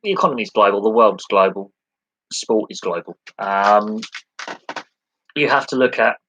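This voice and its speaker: A man hosts a live sports podcast Q&A, talking loosely and at length, piling up lists and restarting his sentences. His voice sits fairly low and sounds slightly husky. The recording is close and dry. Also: normal speed, a bit bright, no echo, highs cut off. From United Kingdom. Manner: rambling, conversational, with many restarts and lists.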